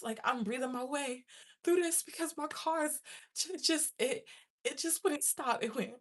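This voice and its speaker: A woman's voice: sits high, slow pace. A young woman casually telling a story to her viewers, laughing often and acting out her own panic. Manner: animated, laughs often, acts out her panicked past self. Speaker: vlogger.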